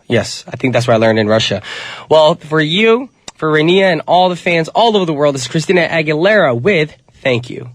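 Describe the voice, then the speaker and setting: A chatty, upbeat man runs a radio show from the studio, tossing out casual patter to "you guys." He speaks briskly in a mid-range voice made nasal by a cold, with no room sound.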